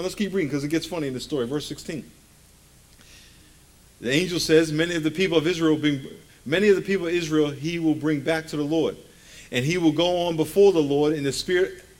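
A male pastor preaching a sermon, emphatic and conversational, leading the congregation in call-and-response and dropping folksy asides. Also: on the high side.

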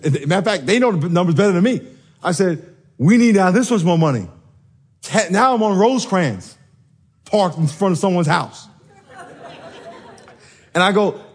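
A man preaching a sermon, telling stories with animated energy and acting out the quoted voices. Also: sits high. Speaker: pastor.

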